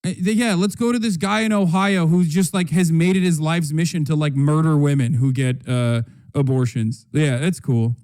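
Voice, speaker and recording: A high-voiced man hosts a livestream and reacts to political news. He rants heatedly and sarcastically, swearing freely as he goes. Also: fairly even intonation, moderate pace, few pauses, darkish tone. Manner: heated, profane, sarcastic ranting. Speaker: streamer host.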